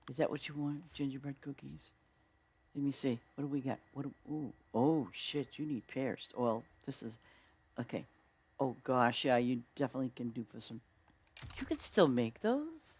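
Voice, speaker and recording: A woman streamer chatting through a farming game, excitable and chatty, exclaiming often and talking to her viewers. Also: rumbling low, moderate pace, breathy edge. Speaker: gaming streamer. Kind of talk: casual gameplay commentary.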